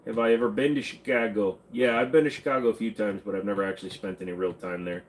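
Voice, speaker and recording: A man's voice: lowish voice, fairly even intonation, fast, rough recording. A man from Minnesota hosting a casual livestream, answering chat questions in an offhand, joking way. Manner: joking, offhand, drifts into silly accents.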